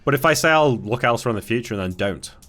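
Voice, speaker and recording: A man's voice: mid-range voice, lively intonation, bright, forceful tone. A man learning a strategy game from a friend, asking lots of questions and cursing at setbacks. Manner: quick, curious, asks questions and grumbles with swearing. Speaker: friend, new player. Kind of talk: casual gameplay chat.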